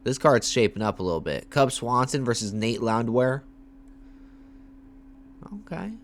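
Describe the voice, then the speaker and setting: A young man livestreaming casual commentary, talking in hyped, repetitive bursts with slang and shout-outs to viewers. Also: medium pitch, expressive, measured pace. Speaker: MMA livestreamer.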